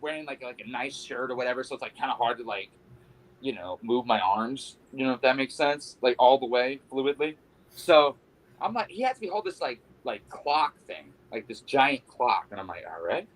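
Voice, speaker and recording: A man's voice: medium pitch, animated, moderate pace, low-quality recording. A male pro wrestler, a guest on a podcast, telling a story casually in a rambling, sheepish, self-mocking way, full of fillers.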